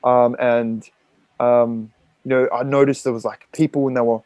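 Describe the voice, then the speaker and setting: A man's voice: mid-range voice, flat delivery, normal speed, darkish tone, no room sound, lo-fi sound. Blunt, swearing Australian man telling his story. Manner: raw, profane, rambling with many fillers. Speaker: podcast guest. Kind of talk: candid personal storytelling.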